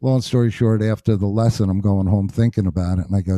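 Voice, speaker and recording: A man from New Jersey, a bassist and interview guest, telling stories in an animated way and acting out what people said. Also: fast, no echo, clean studio sound. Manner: animated storyteller acting out quotes. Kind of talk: storytelling interview.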